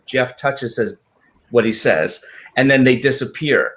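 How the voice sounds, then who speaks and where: A man's voice: mid-range voice, unhurried. A man, the film's writer, telling stories in a casual live panel chat and acting out quoted lines. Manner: animated, acts out quoted lines in voices. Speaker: writer of the film.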